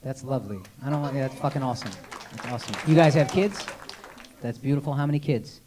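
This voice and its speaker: At medium pitch and a fast clip, a male stand-up in his thirties teases audience members over a handheld mic, brash and profane. There's background noise throughout this live club set, where the crowd roars with laughter and applause.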